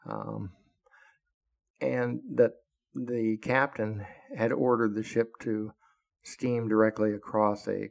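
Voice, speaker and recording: Gravelly-voiced man telling a blunt story. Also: fairly low pitch, a little mellow. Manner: blunt and profane, with heated outbursts. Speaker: podcast host telling his story. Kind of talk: first-person storytelling.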